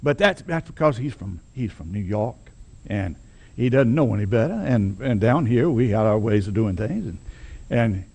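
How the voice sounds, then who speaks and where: A man's voice: fairly low pitch, expressive, normal speed, creaky, mellow, breathy edge, heavily acted. A man voicing an ingratiating older Southern male town boss, with a folksy, drawling, coaxing way of talking.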